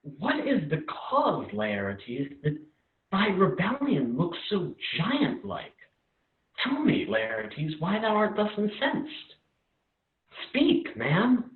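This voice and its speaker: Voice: mid-range voice, wildly swooping pitch, slow pace. Claudius, a performer playing an uneasy king. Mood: placating. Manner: commanding, declamatory verse delivery. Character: Claudius, a scheming anxious king. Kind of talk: amateur remote play reading. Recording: tinny phone-like line in an echoey room.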